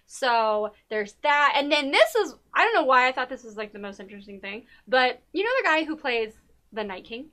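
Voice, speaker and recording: A woman's voice: high-pitched, lively intonation, normal speed, bright, forceful tone. A woman co-hosting a TV talk show, chatting casually and gushing about a documentary, with many fillers. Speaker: podcast co-host.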